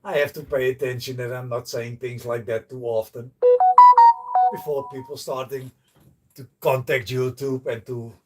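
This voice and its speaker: A man's voice: mid-range voice, flat delivery, normal speed, distant mic, faint music behind. A man chatting to viewers on a casual livestream, blunt and joking, swearing freely. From Netherlands. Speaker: livestreaming host. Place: outdoors by a canal.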